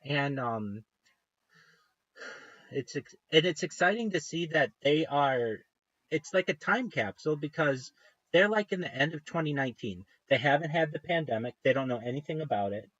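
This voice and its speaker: A man's voice: on the high side, lively intonation, moderate pace, a bit bright, no room sound. Guy rambling on his stream, keeps cutting himself off, kinda muffled lo-fi audio, dead dry room. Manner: meandering, self-interrupting, enthusiastic. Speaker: livestream host. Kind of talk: casual rambling livestream chat.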